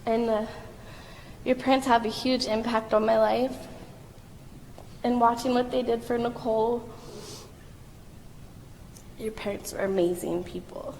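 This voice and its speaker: A woman giving a heartfelt speech about a family who took her in, slow and pausing between phrases. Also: on the high side, vocal fry, a little mellow. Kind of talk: emotional speech at a gathering. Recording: echoey hall with faint crowd noise.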